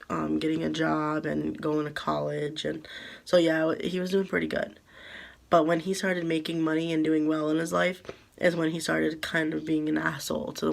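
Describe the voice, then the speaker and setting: A young woman telling a painful personal story to camera, halting with many fillers and holding back tears. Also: deep voice, creaky. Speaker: vlogger. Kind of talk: storytime vlog.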